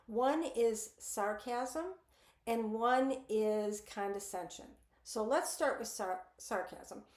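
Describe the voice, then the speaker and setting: A middle-aged woman coach speaks in a friendly, casual way, slightly high in pitch. She acts out little examples of tones of voice. The room around her is echoey. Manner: friendly, demonstrates tones by acting them out. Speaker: relationship coach. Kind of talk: casual coaching talk to camera.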